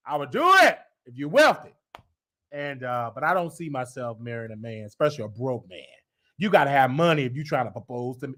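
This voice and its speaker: A man's voice: a little high, animated, fairly quick, a bit bright. A man hosting his own show, talking in a casual rambling monologue with many fillers and sudden joking bursts. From United States. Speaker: show host. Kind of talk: casual live-stream monologue.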